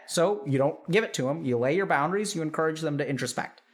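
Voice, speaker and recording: A man hosting a stream, giving casual advice and acting out dialogue with animated delivery. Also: on the high side, fast, hardly any pauses. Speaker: host.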